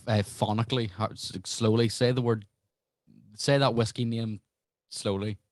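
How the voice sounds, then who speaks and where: A man's voice: mid-range voice, steady tone, dry recording. Man bantering, dry close sound. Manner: jokey, crude banter, quick bursts. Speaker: podcast guest. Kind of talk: casual podcast chat.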